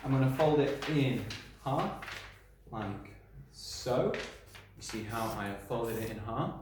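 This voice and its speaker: A male primary school teacher gives a recorded lesson to young children. He is friendly and encouraging, talks them through each step as he works and checks in with them often. His medium-pitched voice rings around a very echoey room. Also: slow, noisy background.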